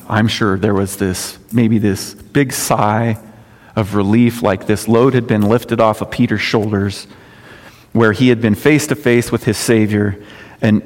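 A man's voice: lowish voice, a little mellow. A male pastor preaching a sermon in a conversational way, often rising for emphasis. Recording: long reverb of a hall.

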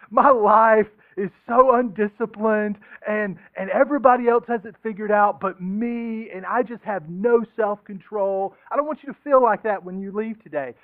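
High-voiced joking male preacher, tinny sound. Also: normal speed, dry recording. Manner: joking, conversational, acts out quoted voices. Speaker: pastor. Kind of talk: casual sermon.

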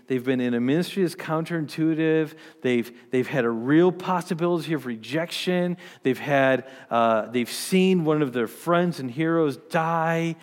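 A man preaching a sermon in a fairly high voice, talking earnestly and conversationally with frequent restarts. His voice carries a long reverb, as in a large hall. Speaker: pastor.

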